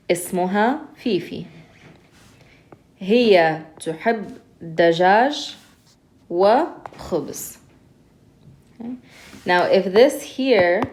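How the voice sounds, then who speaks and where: A woman's voice: fairly low pitch, a little mellow. Patient woman teaching Arabic reading. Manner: patient, step-by-step explaining with slow, careful pronunciation drills. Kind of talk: recorded lesson explaining reading practice.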